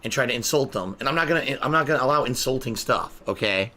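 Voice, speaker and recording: Bright-voiced man ranting on stream. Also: medium pitch, a little hiss or hum. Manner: profane, indignant ranting.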